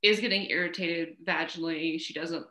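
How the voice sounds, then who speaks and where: A woman's voice: low-pitched, fairly even intonation, moderate pace, pushed and bright. A woman hosting a podcast, talking conversationally with many "you know"s and "right?"s. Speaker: podcast host. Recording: echoey room.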